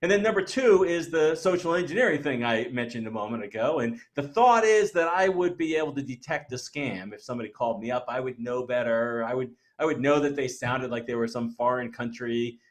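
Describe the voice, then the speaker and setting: A man's voice: mid-range voice, a little fast, hardly any pauses. A man presenting a webinar in a conversational, emphatic way, often asking the listeners rhetorical questions.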